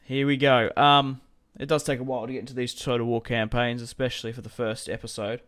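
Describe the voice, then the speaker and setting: A man's voice: medium pitch, flat delivery, a little fast, fairly bright tone. A young man casually commenting on a strategy game as he plays, rambling and chatty, often laughing to himself. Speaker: gaming commentator.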